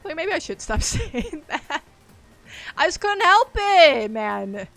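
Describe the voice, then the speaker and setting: A woman's voice: high voice, big pitch swings, takes it slowly, gravelly, fairly bright tone, faint music behind. A woman chatting casually on a game live stream, rambling, laughing often and reacting aloud to the game. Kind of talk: casual live-stream chat while gaming.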